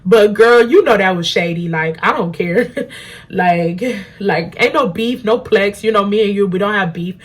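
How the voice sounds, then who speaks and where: A young adult woman at home, telling an animated, slangy story while doing her makeup. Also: medium pitch, a little slow. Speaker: beauty vlogger.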